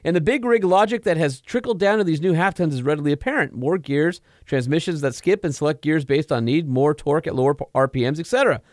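Guy co-hosting a car show, reads listener letters with lots of emphasis, high voice. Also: fast talker, few pauses, no echo, clean studio sound. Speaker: podcast co-host. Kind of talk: casual chat reading listener mail.

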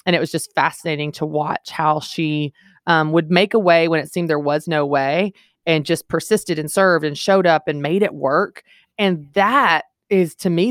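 A woman's voice: deep voice, no room sound, studio quality. A woman in her thirties, a guest author on a podcast interview, telling stories earnestly and with emphasis.

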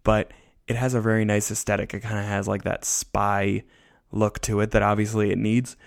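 A man's voice: lowish voice, flat delivery, moderate pace, creaky. A tired man hosting a podcast, rambling loosely through a casual review with self-deprecating asides. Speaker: podcast host.

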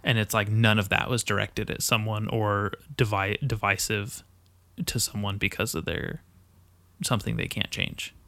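A young man hosting a casual podcast chat, talking in a profane, rambling and excitable way. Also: lowish voice, moderate pace, creaky, dry recording.

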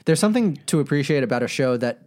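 A man hosting a podcast in relaxed casual chat. He rambles enthusiastically, full of fillers and restarts. His voice sits at an ordinary middle pitch. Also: fast talker. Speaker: podcast host.

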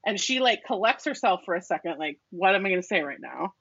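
A woman with a husky, breathy voice retells a scene in casual chat, dropping into soft readings of the quoted lines. The recording is dry and close, with a dull, muffled top end. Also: mid-range voice, animated, quick pace, no echo. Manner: acts out quoted lines, softens into a hush. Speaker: podcast co-host.

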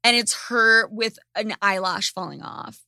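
Sarcastic, bright-voiced woman ranting. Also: mid-range voice, unhurried, gravelly, no room sound, clean studio sound. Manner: animated, sarcastic, swears freely. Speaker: podcast host. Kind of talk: casual chat.

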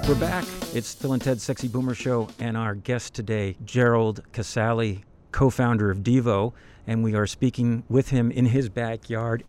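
A man's voice: medium pitch, fairly even intonation, normal speed, hardly any pauses, a little mellow, faint music behind. Older male host asking wry questions. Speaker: podcast host. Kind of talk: interviewing a guest. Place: backyard, outdoors.

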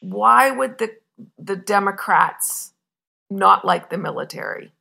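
A woman's voice: medium pitch, slow, vocal fry, sharp tone. A woman interviewing a guest, asking short and slightly hesitant questions.

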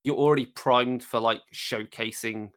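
A man's voice: mid-range voice, steady tone, normal speed, clean tone. A man co-hosting a podcast, chatting casually about running tabletop games, rambling a little with fillers and self-corrections. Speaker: podcast co-host.

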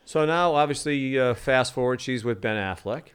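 A man's voice: mid-range voice, moderate pace, a bit bright, smooth. A middle-aged man from the Boston area, a sportscaster guest, telling rambling anecdotes full of ums in a casual interview.

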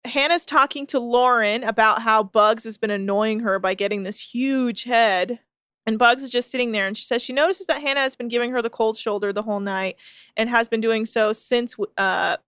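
A woman's voice: a little high, fairly even intonation, fairly bright tone, clean tone, dry recording, clean studio sound. A woman co-hosting a podcast, recapping a reality show in casual, sarcastic, swearing chat. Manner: sarcastic, quick, swears freely. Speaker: podcast co-host.

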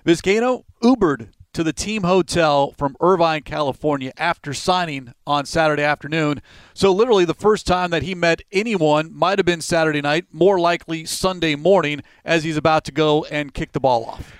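A man hosting sports radio, his voice smooth and a touch higher than most. He lays out the facts steadily and without hurry. The close, dry recording has no room echo. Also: moderate pace. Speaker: radio host.

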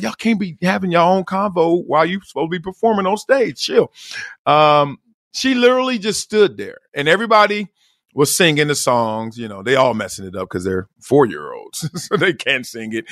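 Animated middle-aged man telling stories. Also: mid-range voice, no room sound, studio quality. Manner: animated, acts out quoted voices, laughs often. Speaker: podcast host. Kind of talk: casual storytelling monologue.

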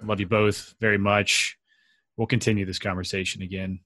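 Low-voiced, laid-back podcast host. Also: male voice, flat delivery, moderate pace, sharp tone. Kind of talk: casual podcast chat.

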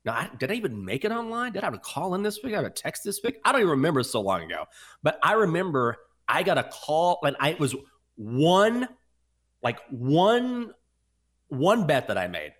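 A man's voice: a little high, fairly quick. A man co-hosting a sports betting podcast, chatting casually and telling stories with mocking voices. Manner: animated storyteller, mocking voices.

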